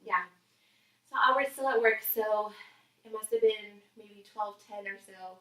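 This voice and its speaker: A young woman telling her birth story in casual chat, animated and laughing often. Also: mid-range voice, unhurried. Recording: echoey room, voice from a distance.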